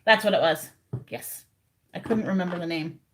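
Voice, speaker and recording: A woman's voice: lowish voice, moderate pace, a bit bright. Woman, livestreamer, casual chat, rambling, chatty, at home in her room. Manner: rambling, chatty, talks to viewers directly.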